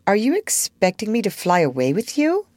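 A woman reading aloud and voicing a gentle, apologetic grown-up mother. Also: mid-range voice, huge pitch swings, normal speed, no room sound, studio quality, voice pushed up. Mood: faltering. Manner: tender, apologetic. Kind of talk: storybook reading.

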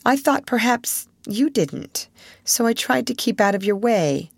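A woman voicing a proud, thoughtful young schoolgirl who speaks in an earnest, measured way, reading a classic novel aloud. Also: on the high side, sing-song, creaky, husky, no room sound, clean studio sound, pitched above the performer's own voice, exaggerated voice.

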